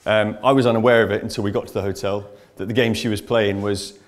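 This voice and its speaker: A man's voice: lowish voice, fairly even intonation, fast. A man giving a conference presentation on information security to a live audience, talking in a chatty, anecdotal way. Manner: chatty anecdotal storytelling, addresses audience directly.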